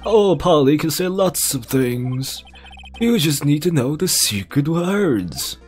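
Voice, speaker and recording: A man putting on a slow, high crazy old man voice. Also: big pitch swings, faint music behind. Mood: knowing. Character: doddering, cheerful old male boat shop caretaker.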